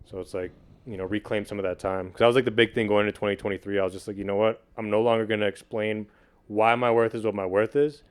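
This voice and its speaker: Man, quick talker, low voice, smooth and clear, slangy casual podcast chat. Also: steady tone. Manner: fast, loose talk full of "like", slangy. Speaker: podcast guest, video producer and beatmaker.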